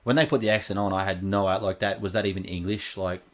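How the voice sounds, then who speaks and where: Brief: Australian man, lowish voice, casual rambling reaction host, hesitant with ums. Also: steady tone, fast talker. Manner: rambling, lots of ums and restarts.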